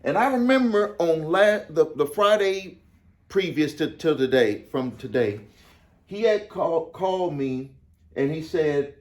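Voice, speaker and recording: Man with a higher-pitched voice, emphatic. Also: lively intonation, measured pace. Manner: repeats phrases for emphasis, restarts often. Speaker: business coach. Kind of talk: casual storytelling to camera.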